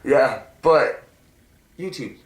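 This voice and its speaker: A foul-mouthed man gets excited talking hockey with a friend, loud and quick to laugh. His voice sits in a middle range and bounces around an echoey room. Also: mid-range voice. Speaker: host of a hockey show. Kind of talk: casual chat.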